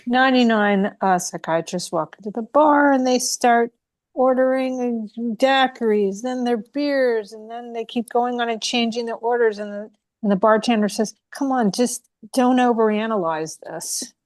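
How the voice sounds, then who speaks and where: A woman's voice: a little high, moderate pace, darkish tone, dry recording. Woman telling a bar joke, dry sound. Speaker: improv player.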